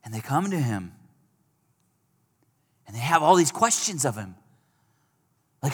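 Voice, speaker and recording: A man's voice: medium pitch, big pitch swings, measured pace, pauses often, fairly bright tone, breathy edge, in a large hall. A man preaching a sermon in a conversational way, lifting his voice when he acts out pleading quotes.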